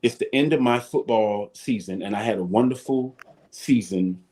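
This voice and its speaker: Man spinning animated stories. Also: fairly low pitch, normal speed. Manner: animated storyteller, acts out his coaches and shouts. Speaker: guest, former football player. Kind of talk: storytelling in a talk-show interview.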